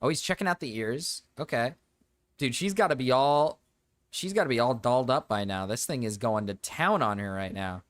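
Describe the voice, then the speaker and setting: Young man, mid-pitched, doing loose reaction commentary on a live stream; jumpy energy, cusses freely, breaks into high yelps. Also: normal speed, dry recording. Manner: excitable, swears, frequent laughter, sudden high yelps.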